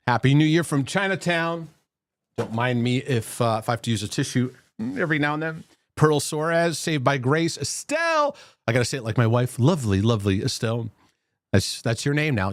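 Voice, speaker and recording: Lively, chatty livestream host man. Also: mid-range voice, no echo, studio quality. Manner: chatty, greets viewers by name, loose restarts. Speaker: host of a Christian mental health livestream. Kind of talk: casual live-stream talk.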